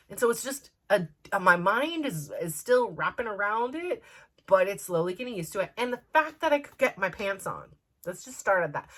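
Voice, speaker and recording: A woman's voice: medium pitch, fairly bright tone. A woman in her forties, a show host, talking candidly in a casual personal vlog, with lots of "like" fillers. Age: 40s. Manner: candid and chatty, full of "like" fillers.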